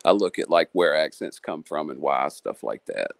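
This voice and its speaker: A man's voice: extremely low pitch, sing-song, normal speed, vocal fry, dry recording. A man who hosts a live panel stream and chats casually, musing at length in a friendly way. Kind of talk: casual chat.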